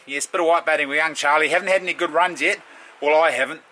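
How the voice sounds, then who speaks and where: A man's voice: fairly high pitch, steady tone, quick pace, sharp tone, slight background noise. A middle-aged man with a New Zealand accent, telling blunt, laid-back stories in a casual vlog as a bush guide.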